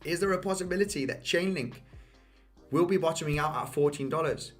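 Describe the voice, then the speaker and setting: Soft music plays behind a fairly high-pitched man speaking fairly quickly as he walks through price charts. He's a crypto market analyst whose voice is going, and his commentary is casual and repetitive, addressing the viewers as guys and sprinkling in "okay?" and "you know" again and again.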